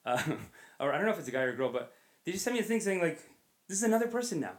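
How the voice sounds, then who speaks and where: A man's voice: fairly high pitch, sing-song, very fast, a bit bright. A man hosting a comedy podcast, talking in a rambling, self-deprecating, jokey way. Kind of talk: casual podcast monologue.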